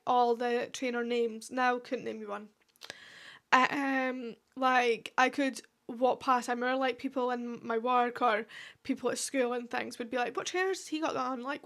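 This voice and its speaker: With a slightly high, fairly bright voice, a young Scottish woman in her twenties runs a solo podcast. Her talk is casual and meandering, packed with asides and filler words.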